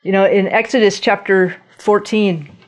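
A woman delivers a sermon at a normal pace in a mid-range voice, animatedly retelling Bible stories and performing the voices of the biblical figures in them.

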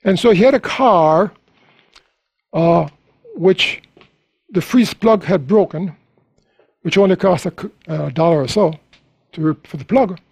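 A man's voice: sits high, measured pace, creaky, long pauses, a little mellow, slightly rough, dry recording. A man preaching a sermon, telling a personal story and climbing to emphatic peaks. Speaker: pastor.

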